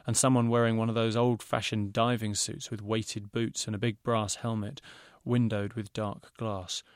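A man's voice: lowish voice, no room sound. Man reading his story aloud, dry sound. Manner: steady storytelling narration. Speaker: author reading his own novel. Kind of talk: reading a children's novel aloud.

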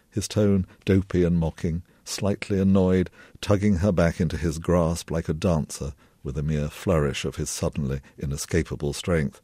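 A novelist reading a passage of his own fiction aloud in a measured, low-key way. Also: fairly even intonation, mellow, husky, no echo. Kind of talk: literary reading.

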